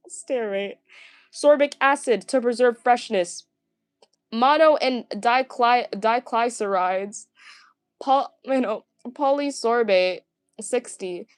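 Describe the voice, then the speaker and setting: A woman's voice: a little high, clean tone, no room sound. Stuttery chatty girl vlogger, lots of ums, gushy, dry close sound. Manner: stumbling, stuttering, many fillers; chatty, gushing. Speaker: vlogger reading viewer comments. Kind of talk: casual livestream chat.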